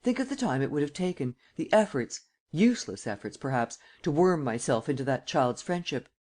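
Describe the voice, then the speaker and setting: A male narrator voicing a cool, cynical gentleman thief who speaks calmly and mockingly. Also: a little high, fairly quick. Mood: sardonic. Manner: calm, sardonic.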